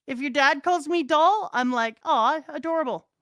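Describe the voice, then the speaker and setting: A woman's voice: high-pitched, moderate pace, a bit bright, dry recording, clean studio sound. A middle-aged woman, the host's mother, chatting casually in a blunt, profane, laughing way. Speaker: co-host, mother of the host. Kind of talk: casual chat reading chat comments.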